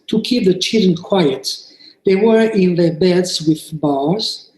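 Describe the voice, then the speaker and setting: Man, conference speaker, slow measured reading, echoey room. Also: darkish tone. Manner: slow and measured, raises pitch for quoted child-play lines. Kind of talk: reading a prepared case presentation.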